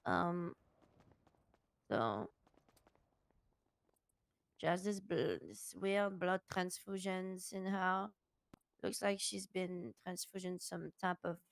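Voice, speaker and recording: A woman with a rough morning voice, playing a doctor in roleplay and talking in halting, apologetic bursts with many restarts. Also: on the low side, dry recording. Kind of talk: in-character roleplay chat.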